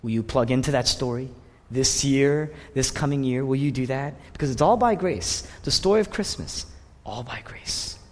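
A man preaching a sermon in a church, swinging between loud declarations and hushed whispers. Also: mid-range voice, moderate pace. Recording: long reverb of a large hall.

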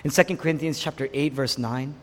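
A man preaching a sermon, swinging between loud exclamations and hushed whispers, asking his listeners rhetorical questions. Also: medium pitch, fairly even intonation, quick pace. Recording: long hall reverb.

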